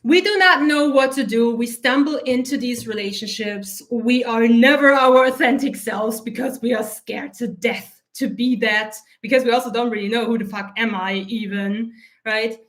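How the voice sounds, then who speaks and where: A woman coach talking in a blunt, animated, heavily profane way, her eyes teary from an allergy. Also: a little high, moderate pace. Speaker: self-concept coach. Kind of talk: casual spoken monologue.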